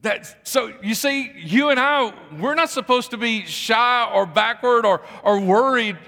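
A man's voice: very high-pitched, a little slow, bright, forceful tone. A man preaching a conversational sermon, repeating phrases and putting questions to the congregation. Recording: long hall reverb.

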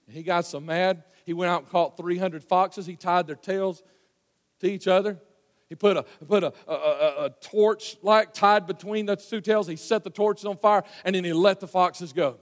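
High-voiced preacher in a reverberant hall. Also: male voice, steady tone, normal speed. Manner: folksy storytelling, swinging from loud to hushed. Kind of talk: sermon.

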